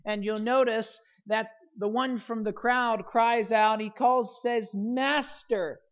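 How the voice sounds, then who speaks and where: Preacher working through a Gospel passage with earnest, building emphasis, mid pitch, muffled lo-fi audio. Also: flat delivery, slow pace. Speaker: pastor. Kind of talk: sermon.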